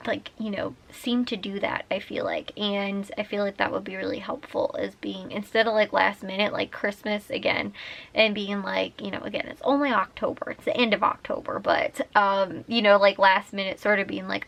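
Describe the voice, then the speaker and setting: A young woman chatting in a rambling casual vlog from her bedroom at night, full of "like" fillers and quick laughs. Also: mid-range voice, fairly even intonation, vocal fry, a bit bright. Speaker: vlogger.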